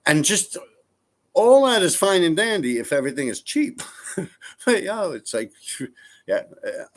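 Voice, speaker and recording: New streamer, male, higher-pitched, loose profane chat with viewers. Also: very animated, measured pace. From New York. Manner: rambling, profane, laid-back. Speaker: streamer reading viewer comments. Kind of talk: casual live-stream chat.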